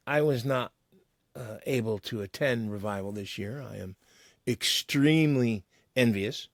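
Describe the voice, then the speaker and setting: Chatty podcast host, dry close sound. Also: male voice, mid-range voice, a little slow, no echo. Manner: chatty, addresses listeners. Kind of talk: casual podcast chat.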